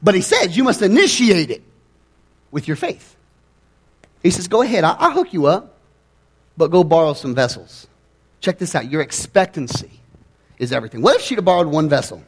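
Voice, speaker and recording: A young man, a pastor, preaching a sermon, swinging from loud, near-shouted passages down to quiet, low asides. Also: sing-song, moderate pace, long pauses, slightly rough.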